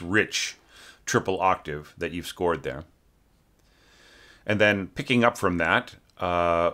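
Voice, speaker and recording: Low-voiced man critiquing a score. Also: pushed and bright. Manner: thinks aloud, sings note shapes, many fillers. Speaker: orchestration teacher reviewing a student score.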